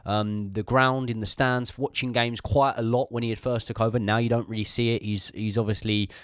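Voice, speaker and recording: A man's voice: medium pitch, level tone, fairly quick, no echo, clean studio sound. A man hosting a podcast, chatting casually about football, opinionated and swearing freely with rambling asides. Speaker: podcast host. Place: podcast room.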